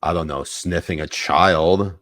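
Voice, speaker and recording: Deep-voiced sarcastic podcast host. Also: male voice, steady tone, a little slow, a bit bright, no room sound. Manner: sarcastic, profane commentary. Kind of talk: political podcast banter.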